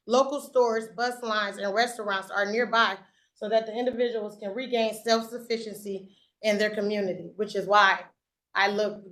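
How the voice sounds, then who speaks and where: A woman's voice: a little high, a bit bright, rough recording. A woman reading a prepared statement to a zoning board in a public meeting room. She is earnest and stumbles now and then over her notes. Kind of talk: prepared statement read aloud.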